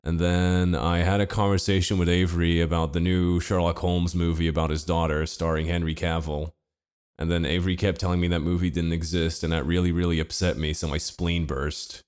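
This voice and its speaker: A young man co-hosting a podcast, telling a story in a deadpan, laid-back way with wry asides. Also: low-pitched, fairly quick, clean tone. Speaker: podcast co-host. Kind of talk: casual comedic storytelling.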